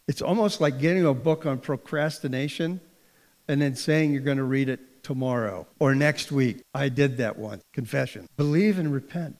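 A man delivers a sermon at a middle pitch, speaking earnestly and directly and putting rhetorical questions to the congregation. His voice rings out with a long reverb tail, as if he is in a church hall. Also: expressive, normal speed. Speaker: pastor.

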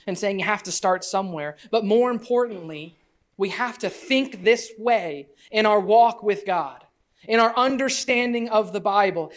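A woman teaching a conversational Bible lesson as a parent, animated and lively, acting out the people she quotes. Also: fairly high pitch. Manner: parent speaking from family life.

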